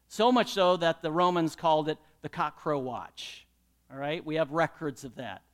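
A man's voice: high voice, fairly bright tone. A man, a pastor, preaching a sermon and drawing in his congregation with questions and call-and-response.

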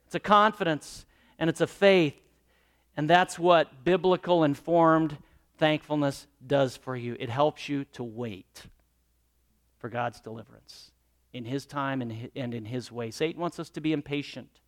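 Emphatic preacher man, high voice. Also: normal speed. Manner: emphatic, rising and dropping between loud exclamations and hushed asides. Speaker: pastor. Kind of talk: sermon.

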